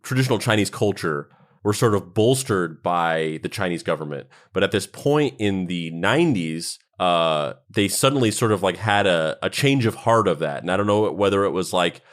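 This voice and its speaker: A man's voice: deep voice, expressive, normal speed. A man co-hosting a podcast in casual chat, rambling with lots of fillers and restarts. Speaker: podcast co-host.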